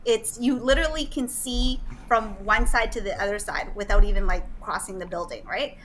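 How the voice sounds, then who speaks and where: A middle-aged woman from Canada telling a story casually, animated and laughing often, with some swearing. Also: medium pitch, normal speed, a little hiss or hum, low-quality recording. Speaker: guest.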